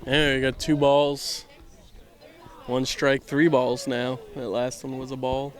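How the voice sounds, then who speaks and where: A man's voice: medium pitch, completely flat delivery, takes it slowly. A young man giving casual, rambling baseball commentary outdoors, tired and self-mocking, trailing off now and then. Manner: laid-back, rambling, self-mocking, trails off mid-sentence.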